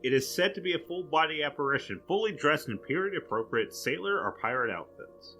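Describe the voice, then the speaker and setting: A man's voice: fairly high pitch, expressive, a little fast, bright, forceful tone, faint music behind. Laid-back man presenting to a podcast co-host. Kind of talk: casual chat, presenting researched material.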